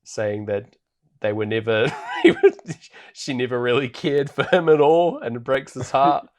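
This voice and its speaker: A podcast co-host with a mid-range, darkish voice speaks unhurriedly, his pitch swinging widely. He casually recaps a film, full of ums and little laughs.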